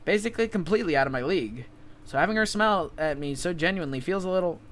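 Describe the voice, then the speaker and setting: A man's voice: sits high, lively intonation, fast talker, a bit bright, slight background noise. A man reading the lines of a shy, lazy teenage schoolboy narrator while playing through a visual novel. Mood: unbothered.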